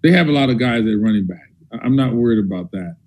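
A man's voice: mid-range voice, expressive, fast, a little mellow, slightly rough, poor audio. A man joining a sports show as a guest, talking football in an easygoing, folksy way. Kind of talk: casual phone-in sports chat.

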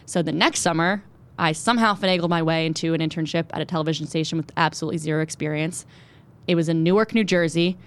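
A young woman in her twenties, a TV news reporter, telling her story quickly and animatedly as an interview guest. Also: sits low, fairly even intonation. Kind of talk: conversational interview.

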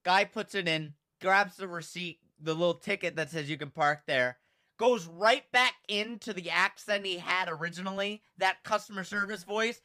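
A man co-hosting a podcast, chatting casually and telling an animated story while acting out the people in it. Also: high-pitched, moderate pace. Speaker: podcast co-host.

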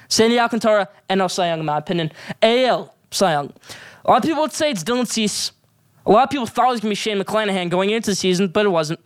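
High-voiced, fast-talking male sports host. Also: dry recording. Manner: emphatic, rapid-fire hot takes. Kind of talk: opinionated sports commentary.

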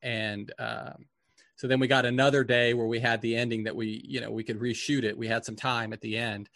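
Gravelly-voiced male film director. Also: medium pitch, level tone, fairly quick, fairly bright tone, no echo, clean studio sound. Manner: candid, swears casually, acts out quoted people. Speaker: film director as podcast guest. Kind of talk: casual storytelling interview.

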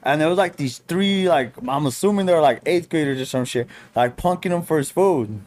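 Young podcast guy, kinda high voice, rambling street-slang stories. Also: normal speed, a little mellow. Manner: slangy storytelling with lots of fillers. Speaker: podcast co-host. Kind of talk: casual chat.

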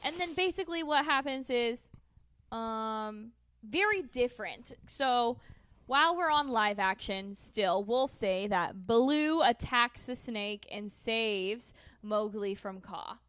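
A woman's voice: a little high, animated, slow, fairly bright tone, dry recording. Enthusiastic woman chatting about cartoons. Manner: enthusiastic, laughs often, acts out characters. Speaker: podcast co-host. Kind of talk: casual chat.

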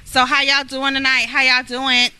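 A woman's voice: sits high, monotone, normal speed, bright, forceful tone, clear, resonant tone, no room sound. A woman, co-hosting a casual podcast chat in a playful, hyper way and laughing a lot. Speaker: co-host.

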